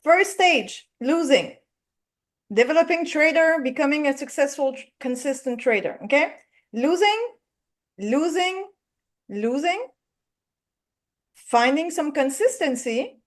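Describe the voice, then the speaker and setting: Quebec French-accented woman, trading psychology coach, slow reflective delivery, high voice. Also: expressive. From Quebec, Canada. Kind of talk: live show guest talk.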